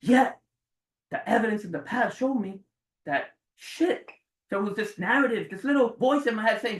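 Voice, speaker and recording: A man in his forties giving a motivational speech to a live audience, dramatic and swearing, jumping between loud bursts and hushed low lines. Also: animated, normal speed, far from the mic. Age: 40s. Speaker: motivational speaker. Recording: roomy sound from away from the mic.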